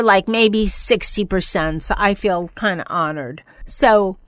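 A woman hosting a pet podcast, talking casually and rambling, who now and then breaks into high, playful voices to mimic excited pets. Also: a little slow, dry recording. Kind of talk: casual monologue.

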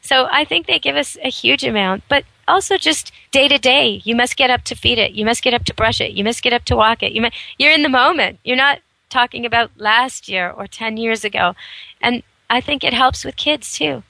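A woman's voice: fairly high pitch, moderate pace, gravelly, pushed and bright, no room sound, low-quality recording. A woman hosting a radio talk show, giving earnest, persuasive advice in long flowing runs.

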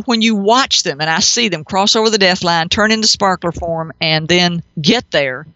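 Middle-aged woman, radio host, bright tone, dry close sound, slightly muffled, emphatic. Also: medium pitch, no echo. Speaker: pet psychic radio host. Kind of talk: call-in advice talk.

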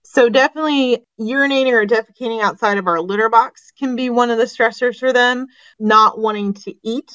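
A woman's voice: on the high side, brisk, fairly bright tone, smooth, no echo. Woman veterinarian guest, informal explanations, muffled lo-fi remote audio, dry. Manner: informal, explanatory advice-giving. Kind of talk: casual interview chat.

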